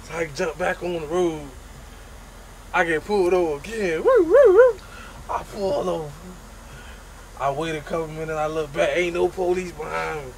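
A man telling a funny story about himself in a casual, profane, animated way, making his own sound effects. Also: a little high, moderate pace, crowd noise, poor audio.

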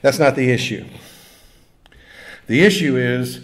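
A man's voice: mid-range voice, lively intonation, normal speed. A male pastor giving a conversational sermon in a church, with jokes and call-and-response with the congregation. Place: church sanctuary.

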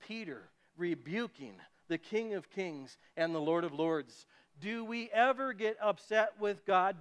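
A man preaching a sermon as pastor, animated, often acting out the voices of people he quotes. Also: high-pitched.

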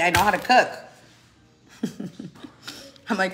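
A woman's voice: mid-range voice, slow, pauses often, sharp tone, slight background noise. A woman in her thirties chatting casually to camera at home, laughing often and slipping into Spanish with her kids. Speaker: vlogger and mother. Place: family home.

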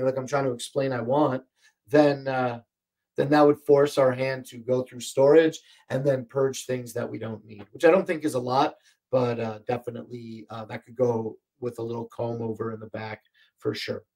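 Medium in pitch with a darkish tone, the man moves at a moderate pace as he hosts a home-studio livestream shopping show. He drifts through casual product chat full of fillers, voice strained and breaking, heard through a desk mic set over an arm's length off.

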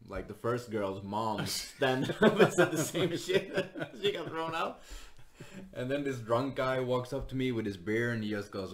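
A man's voice: medium pitch, moderate pace. A man, a stand-up comedian and podcast guest, telling stories casually, laughing often and acting out other people's voices. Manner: animated, laughs often, acts out voices, swears. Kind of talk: casual storytelling.

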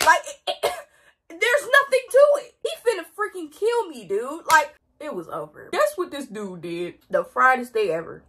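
Animated high-voiced young woman storyteller. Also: moderate pace. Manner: animated, slangy, dramatic retelling. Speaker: vlogger. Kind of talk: casual storytime.

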